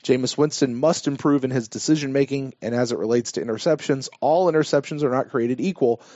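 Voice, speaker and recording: A man co-hosting a sports podcast, reading listener emails aloud and giving his take in a measured, self-deprecating way. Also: mid-range voice, mellow, dry recording. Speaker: podcast co-host. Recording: dull, dry lo-fi podcast audio.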